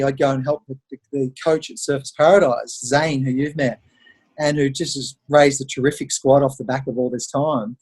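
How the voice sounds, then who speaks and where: A middle-aged man with an Australian accent, his voice fairly high for a man and noticeably husky. He talks through his stories in a lively, conversational way and acts out the voices of the people in them. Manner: animated storyteller who acts out quoted voices. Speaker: podcast guest. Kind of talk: conversational interview storytelling.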